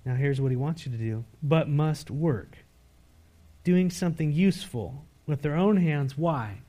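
A man preaching in a fairly high voice. He reads scripture aloud, then turns to the congregation with pointed rhetorical questions. His delivery swings between emphatic raised lines and low, hushed asides. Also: unhurried. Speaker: pastor. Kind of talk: sermon.

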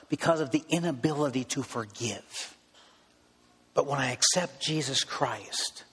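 A man's voice: mid-range voice, a bit bright, big-room sound. A man preaching a sermon as pastor, in an earnest, repetitive preaching manner.

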